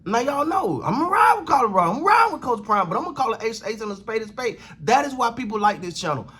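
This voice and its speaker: A man's voice: extremely high pitch, big pitch swings, fast talker, bright, forceful tone, slightly rough. A man hosting a sports channel, giving a casual, emphatic reaction rant, repeating phrases and using slang. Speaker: sports commentary host.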